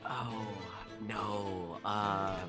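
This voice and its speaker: Slow-talking, halting man at a game table. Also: fairly low pitch, fairly even intonation, sharp tone, soft background music. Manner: halting, trailing off, understated. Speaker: player. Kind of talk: playing a character in a tabletop game.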